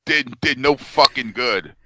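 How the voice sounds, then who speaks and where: A man's voice: mid-range voice, measured pace, bright, forceful tone. A man co-hosting a casual podcast, telling stories bluntly with plenty of swearing. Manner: blunt, profane storytelling. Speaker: podcast co-host.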